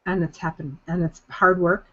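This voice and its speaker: A woman's voice: lowish voice, level tone, normal speed, bright, forceful tone. Earnest woman on a dull call line. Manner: earnest and emphatic, repeats phrases for stress. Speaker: coaching program leader hosting a group call. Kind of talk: motivational talk on a conference call.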